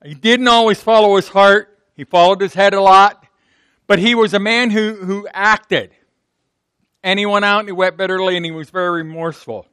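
A man's voice: high voice, steady tone, moderate pace, a bit bright, clear, resonant tone, no room sound, studio quality. A man from Pittsburgh with a Pittsburgh accent, preaching a sermon in a conversational, folksy way, acting out the quotes. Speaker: pastor.

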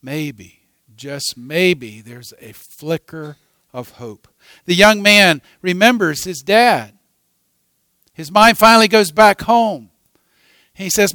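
Dramatic high-voiced male preacher. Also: expressive, slow, long pauses, dry recording. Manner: dramatic, swinging from hushed to loud. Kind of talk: sermon storytelling.

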